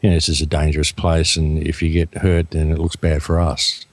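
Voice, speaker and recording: Deep fast-talking Australian man. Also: no echo. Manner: animated storyteller acting out quotes. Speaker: guest. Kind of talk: storytelling in a radio interview.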